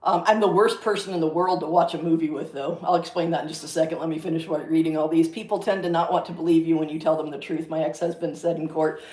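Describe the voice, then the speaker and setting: A woman's voice: sits low, fairly even intonation, fast, hardly any pauses, mellow. A woman from Florida hosting a casual livestream, chatting frankly, laughing often and reading viewer comments aloud. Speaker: livestream host and crafter.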